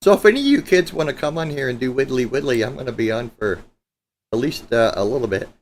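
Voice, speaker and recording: A man's voice: mid-range voice, animated, quick pace. A man hosting a live guitar stream, chatting loosely and joking with viewers, with a few profane asides. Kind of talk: casual live-stream chat. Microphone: streaming setup mic.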